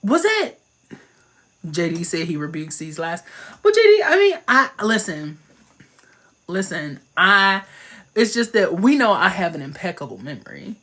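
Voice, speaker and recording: A man hosting a casual livestream chat, playful and slangy, talking into his phone with quick asides. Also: high-pitched, very animated, bright, forceful tone. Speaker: livestream host.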